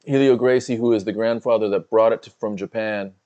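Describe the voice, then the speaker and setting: Male co-host with a lower voice, casual and easygoing, laughs often, reads viewer chat. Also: fairly even intonation, fairly quick, warm tone, muffled recording. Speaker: co-host of a fight watch-along. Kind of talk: casual livestream commentary.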